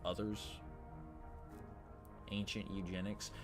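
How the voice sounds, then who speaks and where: A man's voice: fairly low pitch, animated, normal speed, pushed and bright, soft background music. A man giving casual, crude and sardonic commentary while playing a game at a desk mic. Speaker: gaming channel host. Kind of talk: casual let's-play commentary.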